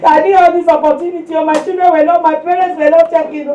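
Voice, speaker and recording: A woman's voice: extremely high pitch, level tone, fast talker, few pauses, dark tone, lo-fi sound. A Nigerian woman preaching a sermon at a women's fellowship. She tells stories with sound effects, drops in Yoruba phrases and exhorts the listeners directly. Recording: echoey room, distant mic, faint noise.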